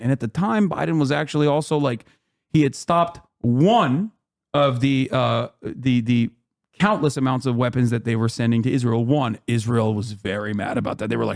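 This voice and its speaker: Hosting a live stream, a man riffs on politics in a heated, informal way, full of swearing and forceful outbursts. He speaks at a moderate pace in a creaky, medium-pitched voice.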